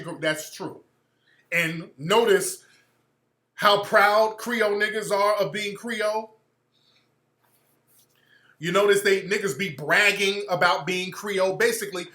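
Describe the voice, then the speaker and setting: A man's voice: high-pitched, pushed and bright, echoey room. A man hosting a talk radio show, delivering a blunt, profane monologue that repeats and restarts phrases. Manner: acts out quoted people in mocking voices.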